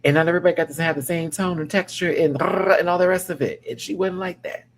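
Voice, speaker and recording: A man from the American South with a Southern accent, hosting a casual reaction review and talking in an animated, slangy way that is full of swearing. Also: high voice, fast talker, a little hiss or hum. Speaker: reaction show host.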